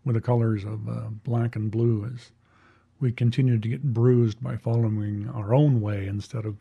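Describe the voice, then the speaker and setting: A man hosting a religious commentary podcast, talking in a conversational way with fillers and reading quotes slowly and deliberately. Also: mid-range voice, flat delivery, gravelly, slightly rough, phone-quality sound. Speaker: podcast host.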